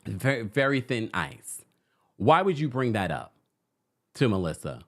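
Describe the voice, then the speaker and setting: A man's voice: on the low side, a little slow. A man hosting a casual reality TV recap, talking to his viewers and reading their comments aloud. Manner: animated, acts out quotes, reads viewer comments.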